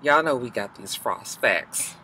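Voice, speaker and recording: A woman's voice: a bass voice, expressive, measured pace, sharp tone, slightly rough, rough recording. A woman giving a sassy, gossipy, profane casual recap of a reality show episode.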